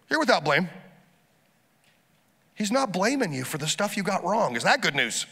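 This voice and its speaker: A pastor delivering a lively sermon, urging the congregation to repeat phrases after him. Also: male voice, sits high, normal speed, vocal fry, breathy edge, in a large hall.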